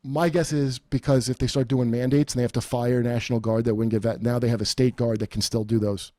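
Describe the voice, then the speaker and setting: Male podcast host, mid-pitched, rambling and profane, dry close mic. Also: little pitch movement, a little fast, dark tone, no room sound. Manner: profane, rambling, mocking quoted voices. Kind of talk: casual comedic chat.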